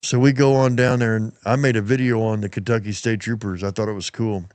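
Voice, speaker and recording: A man's voice: fairly low pitch, fairly even intonation, a little fast, darkish tone, dry recording. Folksy middle-aged man hosting a podcast. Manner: folksy, plain-spoken, acts out quoted voices. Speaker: podcast host. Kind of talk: casual storytelling chat.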